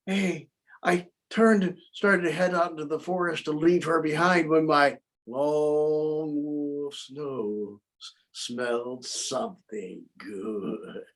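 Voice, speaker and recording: Recorded on a video call, a man narrates a story in the first person as the wolf, using a slightly high voice. He sounds aggrieved and put-upon, bringing the characters to life with lively voices.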